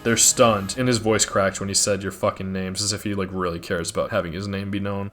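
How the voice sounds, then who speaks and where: A man's voice: deep voice, flat delivery, a little fast, few pauses, a bit bright. A man hosting a video, casually recapping a scene with chatty asides and fillers.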